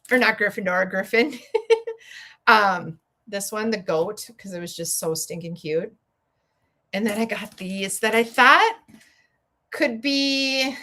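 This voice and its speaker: A woman's voice: medium pitch, fairly bright tone. A middle-aged woman with a Minnesota accent, hosting a livestream from home and chatting with viewers in a rambling way, often laughing. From Minnesota, USA. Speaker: livestream host and educator. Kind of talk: casual livestream chat while building.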